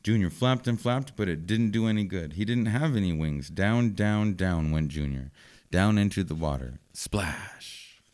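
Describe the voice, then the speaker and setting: A man reading a children's storybook aloud in short, simple sentences. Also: low-pitched. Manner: slow, even, simple phrasing for children.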